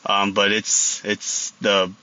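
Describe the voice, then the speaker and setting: A man in his thirties calling in to a radio show, polite and halting. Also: lowish voice, completely flat delivery, bright, forceful tone, dull audio. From Texas. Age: 30s. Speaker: caller. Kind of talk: phone call to a radio show.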